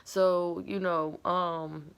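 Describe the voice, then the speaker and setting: A woman's voice: fairly low pitch, little pitch movement, very slow, vocal fry, clear, resonant tone. A woman casually retelling a personal story in a candid, rambling way with lots of fillers. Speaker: vlogger.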